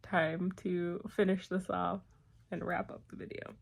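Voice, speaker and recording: Young woman with a little retainer lisp, up late and sleepy, slow low voice. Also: creaky, husky. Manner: chatty, excited.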